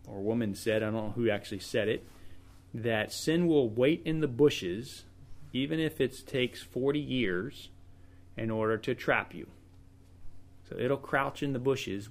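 A man leading a small-group Bible study in an informal teaching style, earnest and often repeating words as he thinks aloud. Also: mid-range voice.

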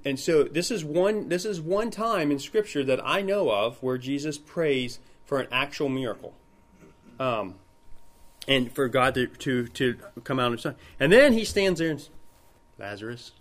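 A man at a mid pitch leading an informal Bible study. He talks in a loose, conversational way. He slips into quick acted voices for the people in the story. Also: lively intonation. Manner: conversational, retells scenes in acted quotes.

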